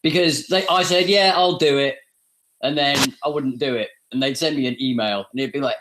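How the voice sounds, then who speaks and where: A man with a polished British received pronunciation accent talks casually on a podcast. He tells animated, self-deprecating stories. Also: medium pitch, fairly quick, slight background noise. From England. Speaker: podcast guest, voice actor. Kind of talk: casual chat.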